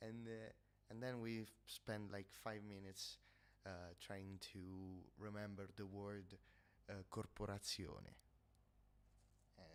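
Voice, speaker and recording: A man's voice: lowish voice, fairly even intonation, slow, clean tone. A man from Italy speaking English with an Italian accent, chatting casually on a livestream, nasal-sounding and hesitant, often stopping to search for words. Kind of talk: casual chat. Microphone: headset.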